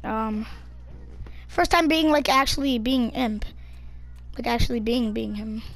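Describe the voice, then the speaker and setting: A woman giving excited live commentary over an online game, yelling and laughing at her teammates. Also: on the high side, unhurried, soft background music. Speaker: gamer.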